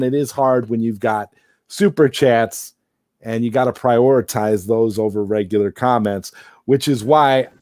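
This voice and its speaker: A man's voice: medium pitch, a little mellow, dry recording, studio quality. Rambling man hosting a late-night stream. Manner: rambling, circles back and repeats himself. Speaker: live stream host.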